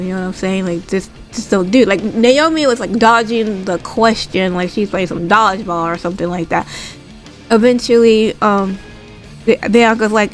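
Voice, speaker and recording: Chatty woman recapping wrestling, faint music behind. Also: moderate pace. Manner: animated retelling, acts out quotes in a higher voice; chatty with frequent fillers and asides. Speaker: wrestling commentator recapping a show. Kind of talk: casual recap vlog.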